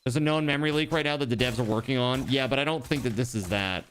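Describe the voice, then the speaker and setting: A man's voice: mid-range voice, fast talker, a bit bright. Chatty male game streamer, faint background noise. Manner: chatty, talks to chat, trails off and restarts. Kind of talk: casual live-stream chat while gaming.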